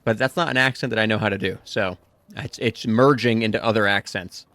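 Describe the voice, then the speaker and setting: A man's voice: fairly low pitch, brisk, fairly bright tone, no echo. A man streaming a video game, joking and talking to himself in casual commentary.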